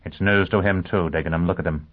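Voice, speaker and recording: A man reading a calm gracious official, tinny. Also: low-pitched. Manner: measured, composed. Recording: tinny phone-like audio.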